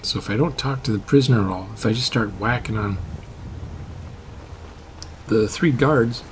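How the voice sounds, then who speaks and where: A man giving casual gameplay commentary, rambling and correcting himself, sometimes trailing off into quiet mutters. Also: mid-range voice, normal speed, a little hiss or hum.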